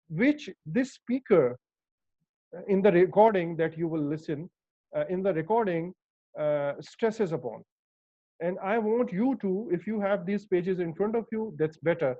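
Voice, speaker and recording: High-voiced Pakistani English teacher. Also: male voice, a little slow, no echo. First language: Urdu. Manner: hesitant, many fillers, stresses words. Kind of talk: online one-to-one lesson. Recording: dull, dry lo-fi call audio.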